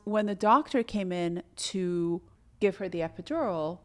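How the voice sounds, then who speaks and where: Middle-aged woman doula, casual podcast storyteller, lively, slips into the voices she quotes, a touch low in pitch. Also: normal speed. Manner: animated, acts out quoted voices.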